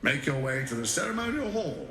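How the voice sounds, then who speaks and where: A man's voice: fairly high pitch, sing-song, a little fast, reverberant, over music. An actor playing a scheming, self-assured male lord in a video game, polished and courteous. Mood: gracious. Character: scheming smooth-talking male lord, would-be ruler.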